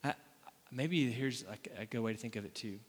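A Florida man, a pastor, preaches in a casual, conversational style, tossing out asides and rhetorical questions to the room. His voice is mid-range and husky, moving at a moderate pace. The church hall gives the recording a long reverb.

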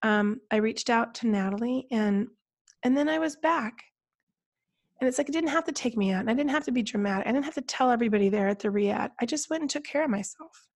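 A woman co-hosting a casual podcast chat, her voice scratchy and hoarse from a cold, talking in trailing restarts. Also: on the high side, expressive, fast. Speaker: podcast co-host.

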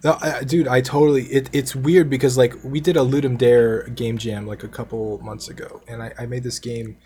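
A man's voice: medium pitch, level tone, moderate pace, dark tone. Rambling casual male game developer. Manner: rambling, full of "like", casual and loose. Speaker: guest, game developer and YouTuber. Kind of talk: casual interview chat.

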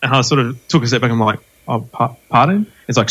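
A man's voice: medium pitch, quick pace, hardly any pauses, slightly rough. A man hosting a podcast, telling stories in casual chat with lots of fillers and laughter. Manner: animated storytelling with frequent laughs and fillers. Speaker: podcast host.

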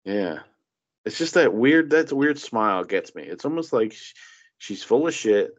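In a loose political conversation, a man with a fairly low voice speaks at a measured pace, breaking into animated, mocking impressions and cursing freely. The recording is dull and lo-fi.

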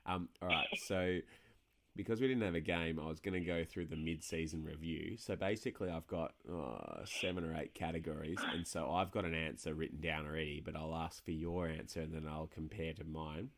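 A young man with a very deep, low voice, chatting casually on a podcast. He rambles through stories full of fillers and swearing, and laughs at his own jokes. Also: brisk. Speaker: podcast co-host. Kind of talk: casual chat.

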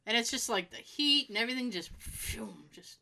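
A woman's voice: on the high side, brisk, gravelly, a little hiss or hum. A woman co-hosting a casual chat, swearing freely and laughing as she tells stories. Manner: animated, profane storyteller who laughs often. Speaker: podcast co-host.

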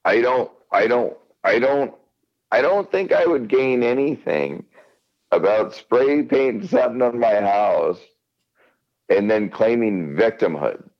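A man's voice: medium pitch, lively intonation, a little slow, muffled recording. A man in casual podcast chat, rambling and swearing, often repeating himself. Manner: rambling, profane, repeats words.

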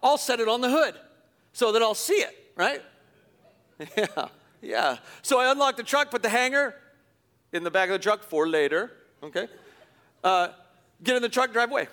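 A middle-aged man, a pastor, telling a self-deprecating story in a sermon, animated and chuckling as he goes. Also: extremely high pitch, normal speed, long pauses. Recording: long hall reverb.

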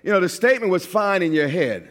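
Male pastor from New York, high voice, emphatic sermon delivery. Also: animated, quick pace. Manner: emphatic preaching, swings from quiet to shouting.

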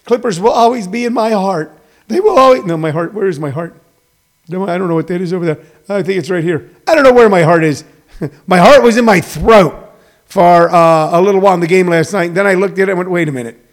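A man hosting a show, talking in an animated, rambling way with lots of fillers as he gives his opinions. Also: high voice, a little fast. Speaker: host. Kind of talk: casual opinion commentary.

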